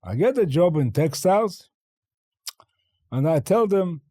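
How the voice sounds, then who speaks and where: An older man from China, a guest in an interview, telling stories in a lively way and acting out the dialogue. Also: fairly high pitch, unhurried, pauses often, no room sound, clean studio sound. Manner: animated storyteller acting out dialogue, laughing often. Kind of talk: interview storytelling.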